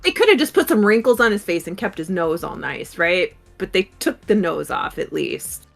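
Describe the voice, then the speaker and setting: A woman's voice: lowish voice, expressive, normal speed, gravelly, faint music behind. A woman co-hosting a gaming podcast in casual, earnest chat. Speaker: podcast co-host.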